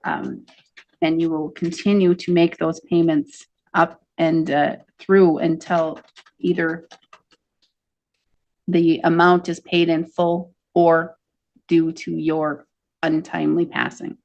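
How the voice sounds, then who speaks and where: A woman's voice: low-pitched, little pitch movement, slow, gravelly, pauses often, darkish tone, highs cut off. A woman judge presiding over a courtroom hearing, speaking firmly and formally as she administers oaths.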